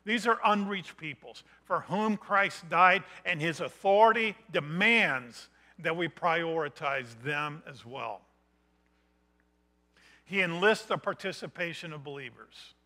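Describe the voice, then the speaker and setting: A middle-aged male preacher delivering a missions sermon. His voice sits a little high and bright, with a forceful edge. He builds point by point and rises to emphatic, loud declarations. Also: expressive, measured pace.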